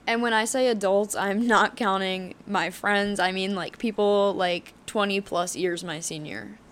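A woman's voice: mid-range voice, steady tone, measured pace, a bit bright. A woman in her twenties hosting a solo podcast, talking candidly and heatedly, swearing often, with plenty of fillers. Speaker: podcast host.

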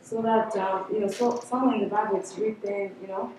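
A woman's voice: medium pitch, steady tone, brisk, a little mellow, slight background noise. A woman in a class discussion, speaking hesitantly and searching for her words. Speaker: class member. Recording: distant, echoey room mic.

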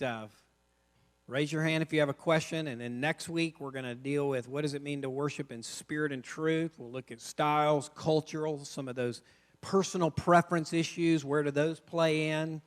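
Male church session host, relaxed and affirming, slightly high, reverberant hall. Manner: relaxed, affirming, announcing logistics. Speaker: church teaching leader. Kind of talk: hosting a church teaching session. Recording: long reverb of a large hall.

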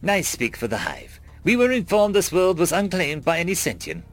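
A man voicing a stiff, flat alien envoy. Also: fairly high pitch, normal speed, pitched above the performer's own voice. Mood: formal. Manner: formal, stiff, little inflection. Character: tall insectoid alien speaking through a flat translator.

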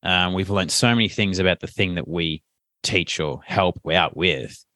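A man, a coach talking casually as a podcast guest, animated and chatty with plenty of fillers. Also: low-pitched, normal speed, dry recording, studio quality. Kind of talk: casual interview chat.

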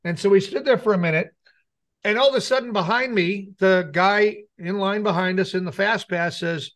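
High-voiced middle-aged man telling a story. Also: normal speed, fairly bright tone. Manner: rambling anecdote with acted-out quotes. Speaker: radio show co-host. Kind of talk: casual storytelling chat.

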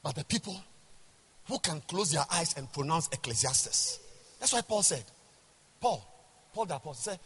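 A man, a bishop, preaching a sermon to a large congregation, emphatic and rhetorical, swinging from quiet asides to shouts. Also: fairly high pitch, very animated, moderate pace, pauses often, slightly rough. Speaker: bishop and pastor. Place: large church hall. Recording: reverberant church hall.

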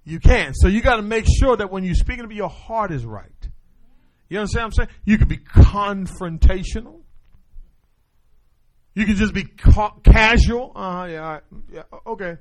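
A man's voice: high voice, normal speed. A male pastor preaching a sermon, calling out questions to the congregation and answering them himself. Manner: call-and-response preaching, animated.

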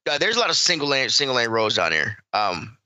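A man's voice: mid-range voice, sing-song, a little fast, bright, forceful tone, dry recording, muffled recording. A man co-hosting a podcast, rambling through a profane story with lots of restarts. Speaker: podcast co-host. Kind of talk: casual chat.

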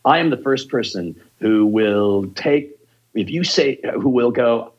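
A man talks through his years as an improv teacher with blunt, profane passion. His voice is husky and the recording sounds dull and lo-fi. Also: medium pitch, lively intonation, a little slow. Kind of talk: casual podcast interview.

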